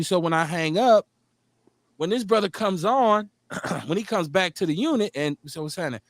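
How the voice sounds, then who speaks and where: Here a man with a Milwaukee accent hosts a casual radio talk show, telling lengthy stories with animation and performing the voices of the people in them. He speaks at a normal speed in a high-pitched voice, with no echo on the recording.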